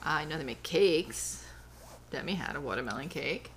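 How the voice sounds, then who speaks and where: A woman's voice: deep voice, lively intonation, normal speed, slight background noise. A woman co-hosting a casual podcast at home, giving dry, teasing replies. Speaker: podcast co-host. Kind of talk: casual chat. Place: home living room.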